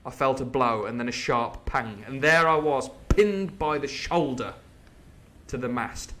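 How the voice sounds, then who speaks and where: A man reading a classic adventure novel aloud as host of a live stream, with animated, jokey asides. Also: medium pitch, a little slow, a little hiss or hum. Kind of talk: storybook reading with live commentary.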